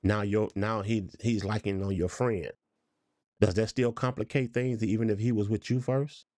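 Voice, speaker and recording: A middle-aged man co-hosting a podcast in relaxed, casual chat, posing hypothetical questions and reading out listener comments. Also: lowish voice, moderate pace, dry recording, clean studio sound. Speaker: podcast co-host.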